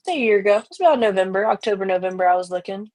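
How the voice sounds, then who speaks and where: A young woman speaking with a light Louisiana twang, relaxed and rambling with plenty of fillers. She chats easily as a podcast guest, her voice sitting at an ordinary mid pitch for a woman. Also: racing. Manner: laid-back, rambling with fillers. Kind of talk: casual chat.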